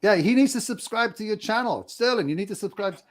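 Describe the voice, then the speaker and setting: High-voiced laughing male podcaster. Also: animated, fast talker. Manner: laughing, rambling, jokey asides. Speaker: podcast co-host. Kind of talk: casual chat.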